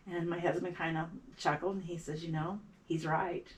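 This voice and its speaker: A middle-aged woman, a beadwork artist, telling her story in a casual interview, halting and repeating words as she acts out what others said. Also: on the low side, darkish tone. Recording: voice a bit far from the mic.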